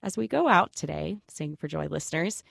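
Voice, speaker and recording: A woman hosting a sacred music radio program, reading scripted narration in a calm, measured, reverent way. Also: low-pitched, gravelly, dry recording, clean studio sound.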